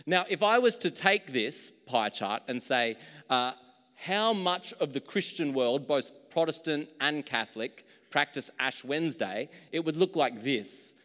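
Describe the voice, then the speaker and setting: A man preaching a sermon as pastor, in a relaxed conversational way that pokes fun at his own slips. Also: on the high side, measured pace, big-room sound.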